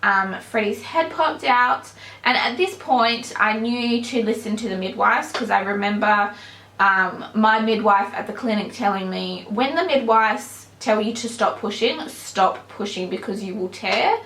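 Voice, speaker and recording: A woman's voice: mid-range voice, a little slow, fairly bright tone, a little hiss or hum. A young woman vlogger telling a personal story to camera in a chatty way, with many ums and likes. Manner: chatty, many "um"s and "like"s, bursts of laughter. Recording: echoey room.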